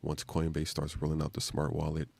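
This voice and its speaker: A man with an extremely low, gravelly voice talks loosely on a live stream. He rambles in casual slang and leans on fillers as he goes. The gravel in his voice is strong throughout. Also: completely flat delivery, a little fast, a little mellow, dry recording.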